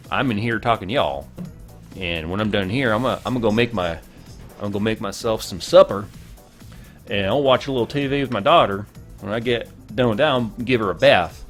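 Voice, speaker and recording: A man's voice: lowish voice, natural voice. A man putting on a rural Southern American accent, playing a homespun, folksy family man with country phrasing. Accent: put-on American Southern.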